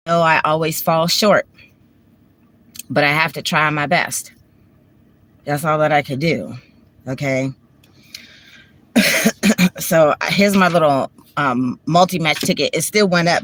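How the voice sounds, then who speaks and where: A woman's voice: low voice, slight background noise. A woman with a Washington DC accent, vlogging from her parked car on a phone, talking candidly and profanely in a rambling way. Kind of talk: casual emotional chat.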